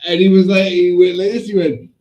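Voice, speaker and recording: A man's voice: sits high, brisk, low-quality recording. A man, co-hosting a casual chat and telling a story with lots of swearing and acted-out voices. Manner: animated storyteller, swears a lot, acts out voices and shouts. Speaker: podcast co-host.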